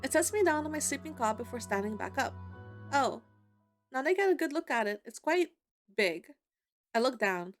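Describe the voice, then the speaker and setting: A woman streamer reading a dating-sim story aloud in an expressive, giggly way, breaking into excited squeals between lines. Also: high-pitched, moderate pace, long pauses, faint music behind. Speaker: gaming streamer. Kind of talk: reading a visual novel aloud.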